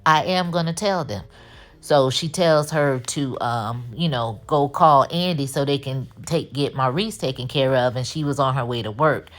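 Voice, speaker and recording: A woman giving a casual, animated recap of a TV episode, full of slang and her own commentary. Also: extremely low pitch, moderate pace. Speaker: TV recap host.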